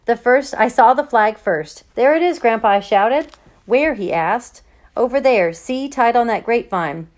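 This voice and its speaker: A woman reading the part of an eager, slightly anxious young boy in her own voice, a little higher. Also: a little slow, a little mellow, close to an everyday voice. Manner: eager, worried.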